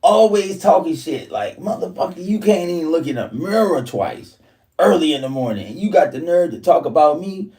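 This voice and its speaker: A man's voice: fairly high pitch, expressive, moderate pace, dark tone, distant mic. Profane ranting man, set back from the mic. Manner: profane, repetitive, heated ranting. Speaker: vlogger. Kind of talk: casual ranting monologue.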